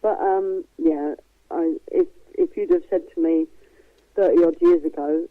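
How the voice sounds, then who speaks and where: A middle-aged woman with a softened East London accent, a guest chatting frankly and laughing easily. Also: low voice, steady tone, a little slow, no room sound, narrow, tinny audio. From East London, England. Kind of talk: casual chat.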